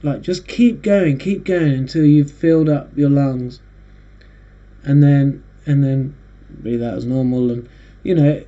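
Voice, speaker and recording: A man hosting a casual monologue, rambling and halting with frequent restarts. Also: mid-range voice, mellow. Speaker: host. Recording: dull lo-fi recording.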